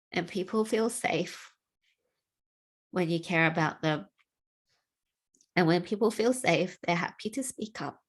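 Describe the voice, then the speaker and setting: A woman's voice: on the low side, breathy edge. A woman giving a heartfelt personal talk, reflective and sincere, with frequent sighs. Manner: emotional, tearful at times, with sighs and laughs; slow and reflective. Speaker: speaker sharing personal reflections.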